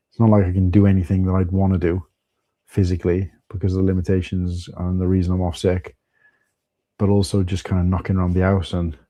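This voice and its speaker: At home, a livestream host with a Welsh accent chats loosely and says hello to viewers by name. His low voice is mellow, and the recording carries no room sound.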